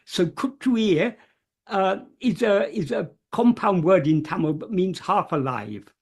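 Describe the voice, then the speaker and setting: A speaker explaining a text piece by piece, with a slightly husky voice. The delivery is very slow and hesitant, full of pauses and small fillers, and key terms are gently repeated. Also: mid-range voice, expressive. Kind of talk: slow, careful explanatory talk.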